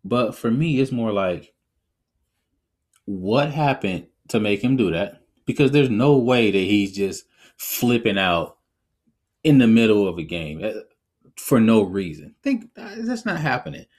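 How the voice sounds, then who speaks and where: A man hosting a podcast, giving his opinions in a casual, animated way and often laughing as he talks. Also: lowish voice, measured pace. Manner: conversational, reflective. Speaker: podcast host.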